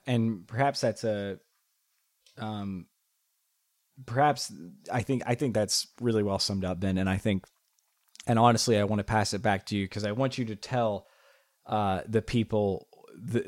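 A man co-hosting a casual podcast, talking earnestly and often pausing with fillers and restarts. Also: lowish voice, dry recording, studio quality. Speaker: podcast co-host.

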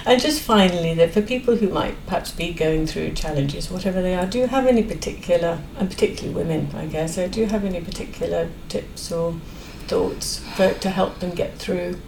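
A woman's voice: lowish voice, fairly quick, creaky, hardly any pauses, darkish tone. A woman hosting a podcast interview, mostly listening and murmuring agreement. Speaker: podcast host. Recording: distant, roomy and noisy.

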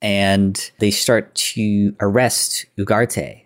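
A podcast host loosely recaps a classic film, using plenty of filler words and quoted lines. His voice is on the low side, level in tone, and very slow.

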